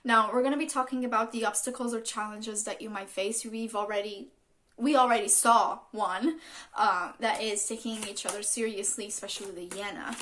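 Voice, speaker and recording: A woman talks through a tarot reading in a loose, rambling way, full of ums and restarts and the odd swear word. Her voice sits at an ordinary middle pitch. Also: steady tone, normal speed, fairly bright tone. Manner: rambling, casual, swears freely, many fillers. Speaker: tarot reader.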